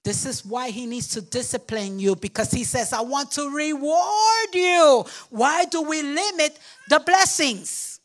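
A woman's voice: animated, measured pace, few pauses. An older woman pastor preaching a sermon with emphatic call-and-response to the congregation, sometimes acting out babbling toddlers. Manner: acts out babbling toddlers in a squeaky voice.

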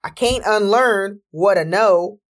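A woman podcast host telling a story in a casual monologue, animated and exclamatory, cursing freely and talking herself down with deep breaths. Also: slow.

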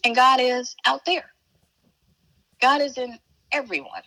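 A woman's high-pitched, sharp voice comes a little slowly through a rough recording. She is a spiritual teacher from Chicago, USA, a guest in a casual interview chat. She speaks emphatically and folksily, addressing the listener as baby and honey.

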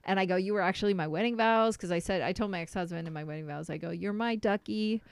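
A middle-aged woman, a podcast guest in casual chat, gushing and expressive as she tells stories and swears casually. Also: mid-range voice, quick pace, gravelly, smooth, dry recording.

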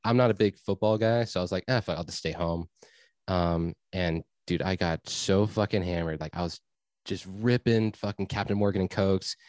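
A man's voice: low-pitched, normal speed, darkish tone, dry recording. A young man telling a rambling story in a casual chat, laid-back, swearing and full of fillers. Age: young adult.

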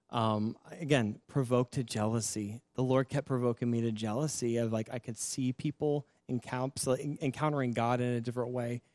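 A male pastor sharing his testimony in a sermon, telling it in a candid, self-mocking, animated way. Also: medium pitch, no room sound, clean studio sound.

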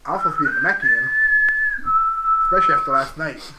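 A man co-hosting a casual podcast, telling a complaining food story in an animated way and laughing often. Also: mid-range voice, quick pace. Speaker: podcast co-host. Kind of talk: casual banter. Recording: loud background noise.

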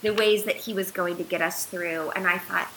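A woman in her thirties tells a heartfelt personal story as a podcast guest, with an animated, earnest delivery full of "um"s and "like"s. Her voice is bright and forward, and a faint hiss sits under the recording. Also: fairly low pitch, moderate pace, low-quality recording. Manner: earnest, animated retelling with filler words.

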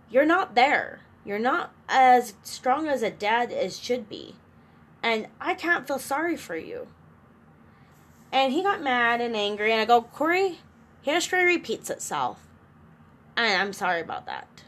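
Her voice on the high side and a bit bright, a middle-aged vlogger talks to her camera about her co-parenting struggles. She's earnest and emotional, rambling and restarting as she confides.

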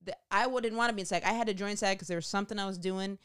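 A woman telling a rambling, profane comic story in a casual monologue, going off on animated tangents. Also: mid-range voice, very fast, smooth, dry recording, studio quality.

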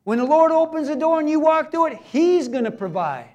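A man preaches with a strikingly high voice, chatting folksily with his congregation. He pushes some lines hard and loud, then drops to a hushed, quiet delivery, dropping jokes along the way. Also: animated, brisk, dull audio. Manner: swings between emphatic raised delivery and hushed, quiet passages; folksy, joking asides to the congregation. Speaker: pastor. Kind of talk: sermon.

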